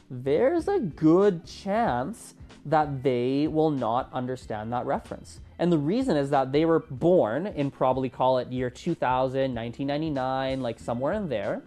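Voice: mid-range voice, normal speed, faint music behind. A podcast host in their twenties, talking casually and with animation on a solo episode. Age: 20s. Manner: chatty and animated, with a lively rising delivery.

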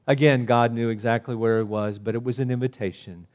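A man preaching a sermon, swinging between loud emphatic declarations and hushed, gentle appeals. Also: mid-range voice, steady tone, fairly quick, few pauses.

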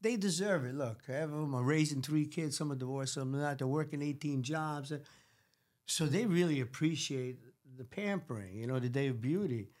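A man with a New York Italian accent telling stories in a casual chat, animated, acting out quotes and swearing freely. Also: on the high side, moderate pace. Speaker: celebrity hair stylist guest.

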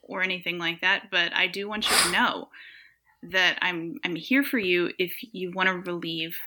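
A woman's voice: fairly low pitch, fairly even intonation, normal speed, noisy background. A woman chatting casually on a podcast with a mock-sincere, earnest manner. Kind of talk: casual comedic chat.

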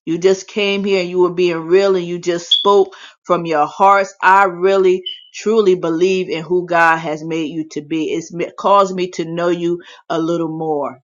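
A woman's voice: on the low side, steady tone, unhurried. A woman leading a faith chat room, preaching and praying with fervor and frequent hallelujahs. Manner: fervent, peppered with hallelujahs. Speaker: prayer leader hosting a faith chat room. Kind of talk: impassioned preaching and prayer. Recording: dull lo-fi phone audio.

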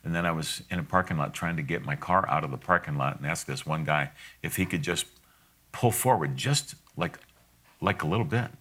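A man's voice: extremely low pitch, brisk, fairly bright tone, husky. A middle-aged man giving a conversational sermon, folksy and direct, with asides and frequent laughs.

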